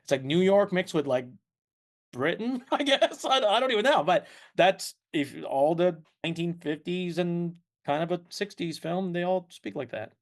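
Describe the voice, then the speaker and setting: A man's voice: high-pitched, lively intonation, moderate pace. A man co-hosting a podcast in casual chat, rambling and laughing often. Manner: rambling, laughs often, slips into playful voices. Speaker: podcast co-host.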